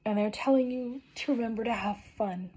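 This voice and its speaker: A woman's voice: a little high, a little fast, mellow, husky. A woman giving a general tarot reading to her viewers in an earnest, encouraging and emotional way, tearful and losing her voice. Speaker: tarot reader.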